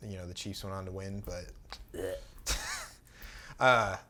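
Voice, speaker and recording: A young man talks in a relaxed, unhurried way on a casual podcast. He often pauses on fillers and trails off between thoughts. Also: low voice. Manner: relaxed, easygoing, halting with fillers. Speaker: podcast co-host. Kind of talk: casual sneaker chat.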